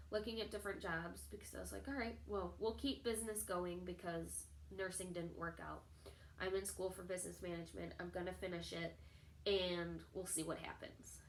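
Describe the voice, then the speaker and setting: A young woman talking straight to her camera, telling a personal story in a chatty, animated way and acting out other people's lines. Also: a little hiss or hum. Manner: chatty, animated, acts out quoted people in a higher voice. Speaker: vlogger. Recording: echoey room.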